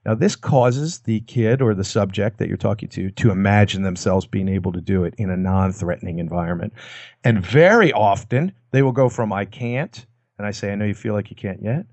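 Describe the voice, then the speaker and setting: A man with a fairly quick, slightly mellow voice, recorded dry, appears as a guest expert on persuasion. In a conversational talk he explains communication techniques, acting out short quoted lines as examples and dropping his voice for them.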